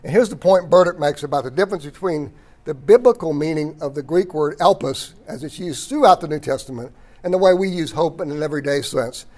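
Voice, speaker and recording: A man teaching a Bible study lecture, reading passages aloud, stressing key words and often clearing his throat. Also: fairly high pitch, lively intonation, fairly quick, darkish tone. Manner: emphatic on key words, occasional chuckle.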